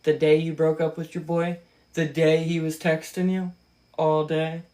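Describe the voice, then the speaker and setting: A woman's voice: low voice, little pitch movement, a little slow, warm tone. A woman giving casual, sarcastic and profane reaction commentary on a book she reads aloud.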